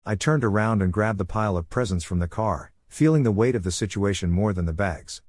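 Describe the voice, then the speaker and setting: Guy narrating a reddit-style story, lowish voice, dead dry sound. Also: fairly quick, a little mellow, no room sound. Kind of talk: first-person story narration.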